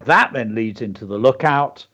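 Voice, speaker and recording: A man's voice: mid-range voice, moderate pace, pushed and bright, husky. A man co-hosting a radio show, teaching children creative writing by walking through a story example step by step. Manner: walks through a story example step by step, reading lines aloud. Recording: dull lo-fi broadcast audio.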